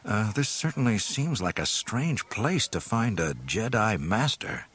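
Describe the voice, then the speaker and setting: A man's voice: fairly low pitch, big pitch swings, unhurried, fairly bright tone, slightly rough, heavily acted. A man voicing a weary, uneasy young male pilot stranded in a swamp, sounding glum.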